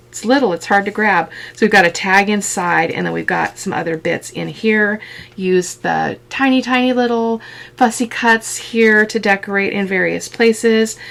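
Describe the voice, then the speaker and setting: A woman's voice: medium pitch, creaky, fairly bright tone. A woman hosting a casual crafting video, chatting fondly about tiny details as she shows her work at a desk. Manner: chatty, fond of tiny details, thinks aloud.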